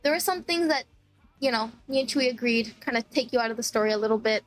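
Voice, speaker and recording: A woman from Texas, streaming and telling an animated, swear-filled travel story with laughs. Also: fairly high pitch, fast, soft background music. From Texas, USA. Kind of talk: casual storytelling chat.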